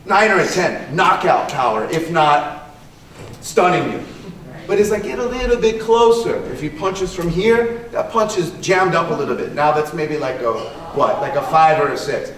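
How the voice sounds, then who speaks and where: The speaker is a man with a slightly high, fairly bright voice at normal speed. He's a martial arts instructor presenting a chatty conference talk with a live demonstration, repeating himself and tossing in "right?" often. The hall echoes and the mic catches him from a distance.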